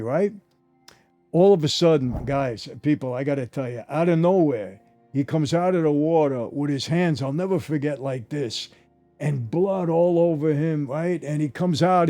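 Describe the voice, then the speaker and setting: An older man tells stories from his past in a casual, animated monologue, often turning to address his listeners directly. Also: on the high side. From New York. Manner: animated, addresses listeners directly, repeats "I gotta tell you". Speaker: former mobster telling stories.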